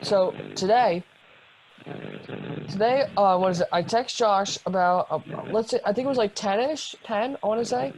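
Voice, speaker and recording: A man's voice: high-pitched, moderate pace, darkish tone, a little hiss or hum, rough recording. A young man co-hosting a podcast, telling a long story in a casual, rambling way with lots of ums and restarts. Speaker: podcast co-host. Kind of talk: casual chat.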